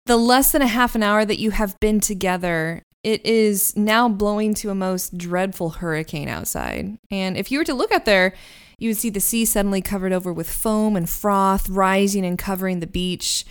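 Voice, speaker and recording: Smooth-voiced woman game master. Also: mid-range voice, expressive, normal speed. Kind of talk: narrating a tabletop game.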